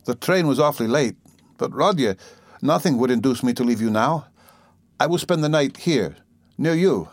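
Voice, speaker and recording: A man's voice: mid-range voice, lively intonation, normal speed, no room sound, voice pushed up, natural voice. A man voicing an anxious, tearful middle-aged mother who pleads timidly.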